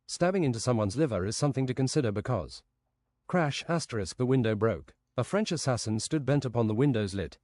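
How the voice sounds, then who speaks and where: A man's voice: medium pitch, animated, brisk, a little mellow, no room sound, studio quality. A man streaming a game while improvising a rambling, absurd fantasy story.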